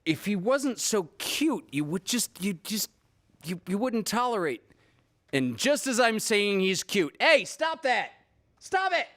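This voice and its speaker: Brief: male live-stream host, slightly high voice, loose and chatty, telling a pet story. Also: unhurried. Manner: rambling storyteller, animated, swears casually. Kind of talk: casual live-stream chat. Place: home, with balcony and fire pit.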